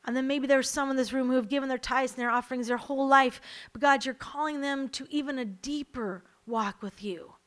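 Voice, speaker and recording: A woman's voice: sits high, fairly even intonation, brisk, few pauses, fairly bright tone. A woman preaching a sermon to a church congregation, emphatic and repeating her key lines, then leading a prayer.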